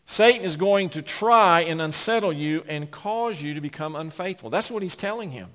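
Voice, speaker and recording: A man preaching a sermon, swinging from loud emphatic peaks to hushed asides. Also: fairly high pitch, expressive, moderate pace. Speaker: pastor. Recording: long hall reverb.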